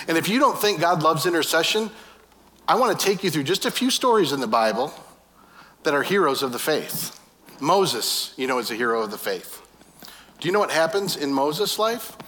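A man preaching a sermon as pastor, animated and conversational, with quick asides to the congregation. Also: a little high. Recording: long hall reverb.

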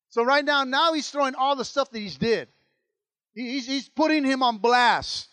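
A man's voice: very high voice, normal speed, a bit bright, dry recording. A man preaching a sermon as pastor, repeating lines and calling out to the church. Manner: preaching with call-outs and repetition.

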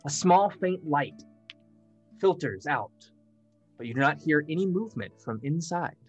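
A man's voice: fairly high pitch, expressive, unhurried, slightly rough, highs cut off. Guy running a tabletop game, describing stuff, bit of music behind. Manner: descriptive, with hesitations. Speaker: game master.

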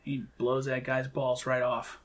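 Male co-host, mid-pitch, chatty recapper who acts out quoted lines. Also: completely flat delivery. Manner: retells scenes with quick quoted lines. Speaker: podcast co-host. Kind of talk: casual chat recapping a film.

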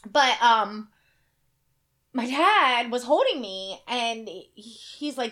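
A Kentucky woman in her forties tells a family story in casual conversation, animatedly acting out the voices of the people she quotes and swearing offhandedly. Her voice is on the high side and she takes her time.

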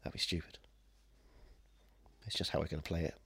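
A man's voice: a bass voice, flat delivery, fairly quick, gravelly, a bit bright, husky, no room sound. A man hosting a podcast, chatting casually with sweary jokes. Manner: joking, sweary banter. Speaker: podcast host. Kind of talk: casual chat.

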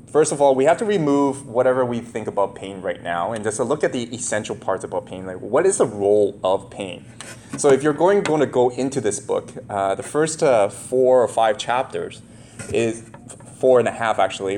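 A man's voice: medium pitch, darkish tone, slight background noise. A man in his thirties preaching a sermon in a conversational, rambling way, full of fillers and asides to the congregation. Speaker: pastor.

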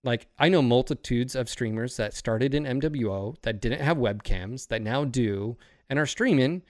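A man's voice: medium pitch, normal speed, dry recording. Rambling, profane man on a dry mic. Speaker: streamer and podcast host. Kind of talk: casual podcast chat.

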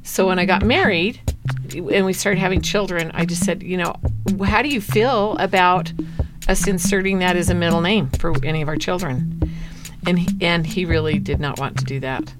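A woman's voice: on the low side, normal speed, over loud music. A middle-aged woman from the United States, telling a personal story in an interview and laughing as she goes.

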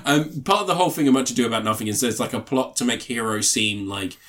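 A man's voice: medium pitch, quick pace, fairly bright tone. A man co-hosting a podcast, telling a story in casual chat, laughing often and swearing freely. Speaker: podcast co-host.

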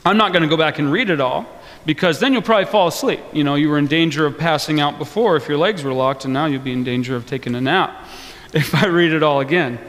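A man's voice: fairly high pitch, fast. A man preaching a sermon in a casual, joking way. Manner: conversational and joking, animated. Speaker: pastor. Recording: long reverb of a large hall.

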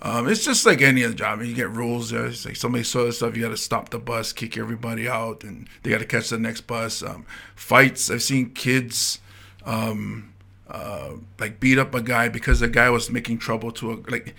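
A gravelly, medium-pitched man in his thirties from Hawaii speaks at a moderate pace with a light Pidgin-tinged accent. As a comedian guest on a casual podcast, he tells stories animatedly and acts out the voices of the people in them.

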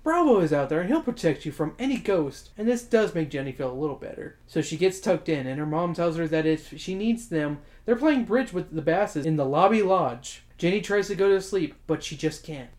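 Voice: mid-range voice, animated, fairly quick, few pauses, a little mellow. A podcast host summarizing and reading a kids' horror story aloud, then chatting casually and swearing now and then. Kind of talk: casual book club chat and reading aloud.

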